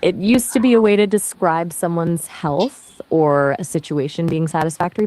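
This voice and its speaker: A breezy female AI voice fields questions in easy chat, pitched a little low for a woman. She explains things casually and keeps the talk rolling. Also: a little mellow. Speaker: AI conversation partner. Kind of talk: conversational Q&A answers.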